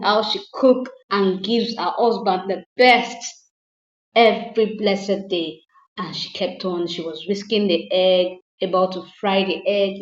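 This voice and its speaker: A woman's voice: medium pitch, darkish tone. A woman recapping a movie casually, retelling scenes dramatically with moralizing asides. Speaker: movie reviewer. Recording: roomy, dull lo-fi sound.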